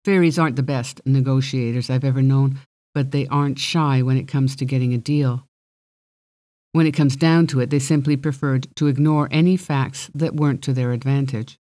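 An audiobook reader narrating a first-person fantasy story in a wry, measured way. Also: medium pitch, steady tone, mellow.

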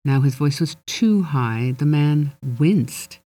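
A narrator reading a children's fantasy story aloud in a steady, gently expressive way. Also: medium pitch, slow, dry recording. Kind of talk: audiobook narration.

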